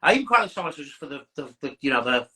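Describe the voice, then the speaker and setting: A man's voice: mid-range voice, sing-song, very fast, pushed and bright, poor audio. A man co-hosting a podcast, chatting enthusiastically with trailing restarts. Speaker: podcast co-host. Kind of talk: casual chat.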